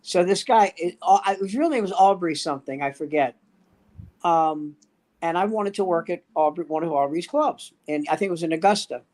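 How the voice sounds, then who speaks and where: A man's voice: sits high, normal speed, darkish tone. An older man, a standup comedian, telling rambling anecdotes in casual chat with acted-out quotes.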